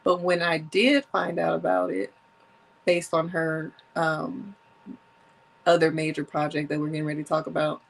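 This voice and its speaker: A woman's voice: low voice, level tone, moderate pace, vocal fry, poor audio. A woman in her thirties hosting a solo podcast, chatting casually and reading from her notes, with a runny nose from allergies. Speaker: podcast host.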